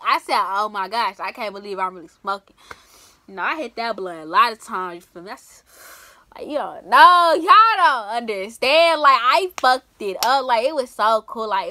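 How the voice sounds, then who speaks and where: A young woman vlogger telling a story casually, full of slang, swinging from loud outbursts to hushed asides. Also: a little high, no room sound.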